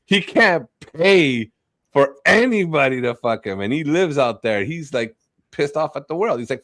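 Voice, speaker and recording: A man's voice: mid-range voice, animated, moderate pace, fairly bright tone, no echo. A man ranting and trash-talking in a crude, profane casual stream chat. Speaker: stream guest. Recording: dry close mic.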